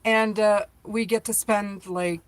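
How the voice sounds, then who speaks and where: A woman's voice: mid-range voice, fairly even intonation, takes it slowly, dry recording. A middle-aged woman hosting a live tarot reading, chatty and playful, joking with viewers as she reads the cards aloud.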